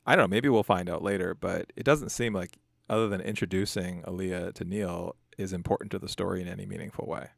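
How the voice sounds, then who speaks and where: A man co-hosting a podcast in easygoing conversation, hedging his points with fillers. His voice is very deep and gravelly, and the sound is close and dry. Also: fairly even intonation, brisk, dry recording. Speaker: podcast co-host. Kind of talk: casual chat.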